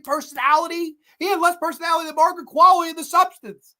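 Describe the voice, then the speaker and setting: A woman's voice: high voice, steady tone, a little fast, sharp tone. A woman hosting a movie review show, ranting bluntly and with lots of swearing about a film she dislikes. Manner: profane, blunt, exasperated. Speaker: movie review podcast host.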